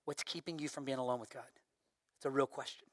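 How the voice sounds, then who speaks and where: A young adult man, a pastor, preaching a sermon in an animated way, swinging from loud bursts down to hushed, quiet lines. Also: medium pitch, quick pace, no room sound, clean studio sound.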